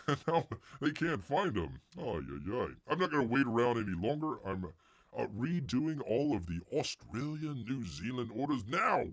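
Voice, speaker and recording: Here the host of a casual comics news live stream speaks in a sing-song, mid-range voice at a normal pace, recorded dry at studio quality. Rambling and joking, he mutters asides under his breath and talks about himself as Bear.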